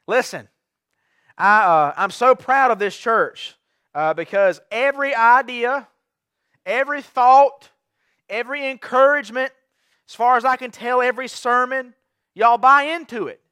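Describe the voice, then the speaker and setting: A man's voice: very high-pitched, a little slow, pushed and bright, clear, resonant tone, no echo. A young man preaching a sermon as pastor, fervent and given to repeated rallying cries. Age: young adult. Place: church sanctuary.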